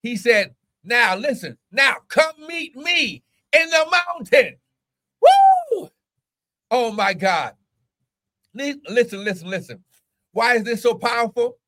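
A man preaching a fiery sermon to an online audience, swinging between shouted exclamations and hushed, intense stretches, often breaking in with "oh my God" and "come on now". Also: very high voice, lively intonation, unhurried.

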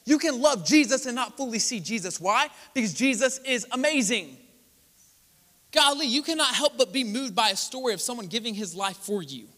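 A man's voice: very high-pitched, expressive, moderate pace, bright, forceful tone, big-room sound. A young male pastor, preaching a conversational sermon in a church, acting out quoted voices and talking straight to the congregation. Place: church sanctuary.

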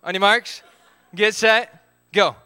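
A man's voice: high voice, fairly even intonation, slow, bright, forceful tone, slight background noise. A man, leading a live group game, upbeat as he calls out counts and instructions.

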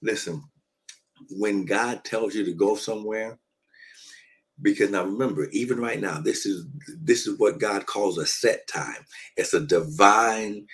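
A man pastor with a low, husky voice preaches into a phone from a hotel room. He drives his points home by repeating phrases and calling out to listeners. The call gives the sound a close, casual quality. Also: poor audio. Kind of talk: live-streamed preaching. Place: shared hotel room at a conference. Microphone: phone or laptop on a video call.

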